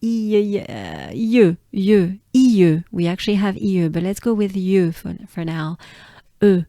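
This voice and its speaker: A woman from France with a French accent, patiently teaching pronunciation and repeating each sound slowly. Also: mid-range voice, steady tone, mellow, no room sound, clean studio sound. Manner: patient, drills words by repeating them. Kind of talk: slow pronunciation lesson.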